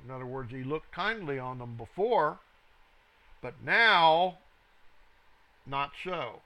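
A man reading scripture verse by verse, stressing the quoted lines and dropping to a low aside for reference numbers and notes. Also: expressive, slow, pushed and bright, poor audio. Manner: reads scripture aloud with rising emphasis, then cites reference numbers in a low aside. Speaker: Bible teacher.

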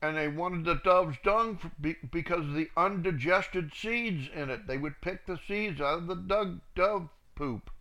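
A man's voice: fairly high pitch, unhurried, few pauses, bright, forceful tone. A man teaching the Bible verse by verse, reading passages aloud and adding plain asides. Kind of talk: verse-by-verse scripture reading with commentary.

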